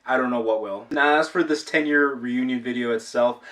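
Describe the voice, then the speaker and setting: A man's voice: mid-range voice, normal speed, a bit bright, far from the mic. A young man from Rhode Island chatting casually on his own channel, rambling and self-deprecating. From Rhode Island, USA. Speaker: YouTube channel owner. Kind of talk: casual vlog chat.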